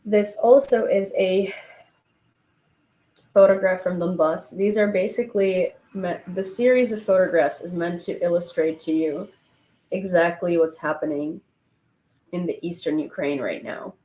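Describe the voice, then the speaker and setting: A woman's voice: on the low side, a little slow, mellow. A young woman hosting a casual live stream, chatting and rambling as she thanks viewers and laughs along the way. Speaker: live-stream host reading chat.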